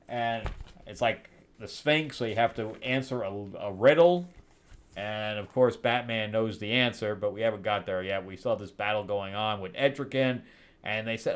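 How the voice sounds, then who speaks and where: A man hosting a casual comic book review show, rambling and sarcastic, often laughing at what he describes. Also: on the low side.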